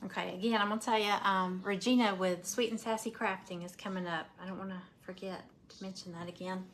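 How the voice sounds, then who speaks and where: Background noise accompanies a craft live-stream presenter talking a little fast in a mid-range voice with fairly even intonation. She's at home, chatty and working with her hands on a craft project while addressing viewers as "y'all."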